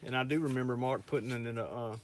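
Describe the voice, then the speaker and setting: Man co-host, relaxed, talks to viewers between tasks. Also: mid-range voice, fast talker, slight background noise. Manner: easygoing, chats with viewers, laughs often. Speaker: farm co-host reading live comments. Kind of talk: casual chat.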